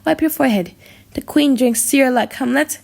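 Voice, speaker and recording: A woman voicing a desperate older queen in an audiobook drama, crying out in anguish, with a gravelly edge. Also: high-pitched, fairly quick. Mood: tender.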